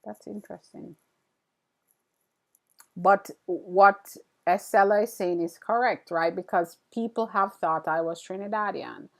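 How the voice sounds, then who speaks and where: A woman's voice: mid-range voice, a little slow, gravelly. A woman with an Antiguan accent hosting a live stream, chatting casually and with curiosity as she answers viewer comments. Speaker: livestream host.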